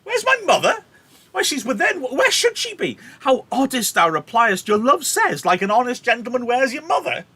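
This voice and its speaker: An impatient, lovestruck teenage girl begs for news in a high, breathless, pleading voice, as a man puts her on for a storybook-style reading. Her tone is bright and ringing, and her pitch leaps all over the place. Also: very animated, normal speed, husky, heavily acted. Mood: indignant.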